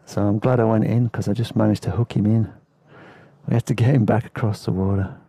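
A podcast host and storyteller spins rambling travel stories in a fairly low, mellow voice with vocal fry and a breathy edge, speaking fairly quickly with fairly even intonation and no echo. It's a laid-back, casual spoken travel memoir, broken up by the occasional laugh.

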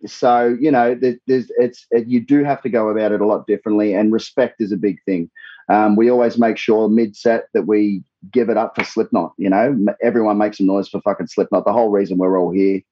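Australian male singer, husky, loose and sweary interview talk, dry muffled recording. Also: lowish voice, fairly even intonation, brisk, no echo. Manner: swears freely, rambles with many restarts. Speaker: tribute band singer, guest. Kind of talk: casual interview chat.

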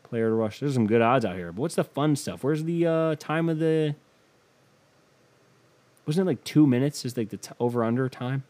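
A man's voice: mid-range voice, animated, moderate pace, darkish tone. A man hosting a casual solo podcast, offhand and profane as he reads betting odds aloud. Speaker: podcast host.

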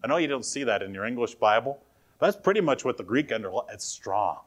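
A man's voice: medium pitch, lively intonation, quick pace. A man preaching a sermon in a conversational way, often asking his listeners questions. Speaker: pastor.

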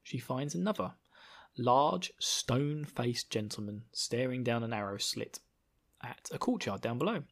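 A man's voice: mid-range voice, expressive, measured pace. Rambling, chuckling man. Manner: rambling, laughs often, puts on silly character voices. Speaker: book discussion podcaster. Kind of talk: casual chat recapping a book.

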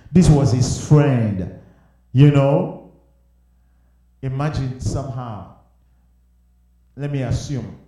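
Impassioned male preacher in an echoey hall. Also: medium pitch. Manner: impassioned, swings from hushed pleading to loud exclamations. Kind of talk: sermon. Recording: very echoey room.

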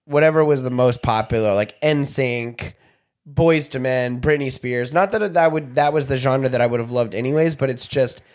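A man's voice: medium pitch, moderate pace. A man co-hosting a podcast, chatting casually with a stuffed-up nose and heavy mouth breathing, correcting himself as he goes. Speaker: podcast co-host. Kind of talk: casual chat.

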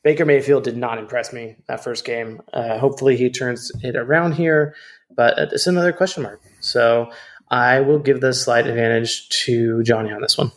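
A man's voice: medium pitch, steady tone, moderate pace. A man with a mid-range voice co-hosts a casual sports podcast. He jokes and teases the others as he talks. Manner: joking, teasing. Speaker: podcast co-host.

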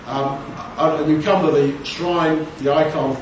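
A man's voice: a little high, steady tone, unhurried, noisy background. A man giving an informal Bible teaching, talking conversationally with rambling asides. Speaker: preacher. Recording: echoey room, distant mic, dull sound.

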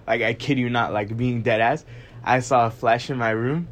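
A man's voice: mid-range voice, steady tone, moderate pace, a bit bright, a little hiss or hum. Rambling young man, full of "like". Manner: rambling, heavy use of "like". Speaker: podcast co-host. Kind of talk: casual chat.

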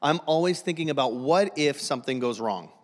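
A man preaching in a church, his fairly high voice carrying a long, ringing reverb from the hall. He jokes at his own expense and often stumbles into restarts as he talks to the congregation. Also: expressive, fairly quick. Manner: self-deprecating, joking, frequent restarts. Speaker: guest pastor. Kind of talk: humorous sermon. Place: church sanctuary.

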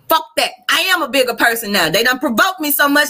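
A Southern woman from Arkansas hosts a livestreamed podcast, ranting with blunt language and lots of profanity. She speaks briskly in a high, pushed, bright voice with lively intonation and hardly any pauses.

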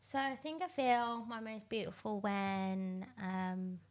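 A woman's voice: mid-range voice, steady tone, slow pace. A woman nail technician as a podcast guest, talking casually with lots of fillers. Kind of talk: casual interview chat.

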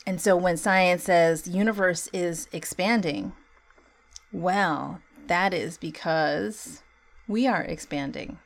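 A woman's voice: fairly low pitch, takes it slowly, gravelly. Earnest woman musing on spiritual growth. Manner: conversational, earnest, animated with laughs; many "you know" fillers. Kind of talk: reflective spiritual talk.

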